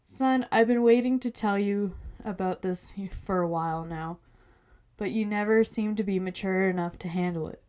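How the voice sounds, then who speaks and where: A woman's voice: mid-range voice, moderate pace, a little mellow, smooth, natural voice. A woman voicing a secretive, worried father with a hidden past in a storybook podcast, earnest and confessional. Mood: confessing.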